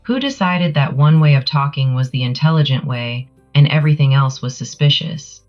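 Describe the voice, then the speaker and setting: A woman's voice: low voice, expressive, normal speed, darkish tone, muffled recording, faint music behind. A woman with a Southern US accent giving a sassy, emphatic commentary monologue to camera. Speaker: channel creator.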